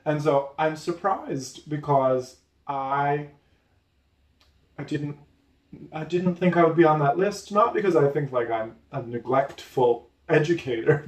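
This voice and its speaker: An educator interviewing a former student in a casual talk, affirming and quick to laugh. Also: mid-range voice, vocal fry, roomy sound, distant mic. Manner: warm, affirming, laughs easily.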